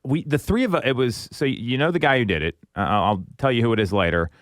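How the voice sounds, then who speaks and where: A man hosting a radio talk show, chatting casually and stumbling over quick restarts. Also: medium pitch, no room sound, studio quality. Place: radio studio.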